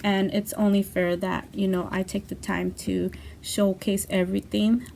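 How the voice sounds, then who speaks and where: A woman hosting her craft channel, chatting casually as she unboxes a package. Her voice sits at an ordinary middle pitch with a gravelly, fry-laden edge. She gushes effusively and leans on "you know" as she talks. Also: little pitch movement, moderate pace, darkish tone, slight background noise. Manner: gushing, effusive, many "you know" fillers.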